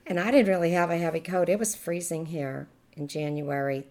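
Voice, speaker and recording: A woman's voice: on the low side, fairly even intonation, fairly quick, mellow. Older woman with a Cajun Louisiana accent. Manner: chatty, laughs often between stories. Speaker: interviewee. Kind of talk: oral history reminiscing.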